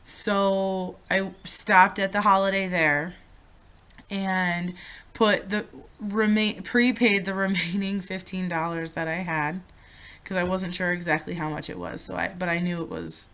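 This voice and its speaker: Chatty young woman vlogging, bright tense voice, swears a lot, keeps backtracking. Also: lowish voice, little pitch movement, a little slow, smooth. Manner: chatty, swears freely, loses her train of thought. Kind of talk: casual storytime vlog.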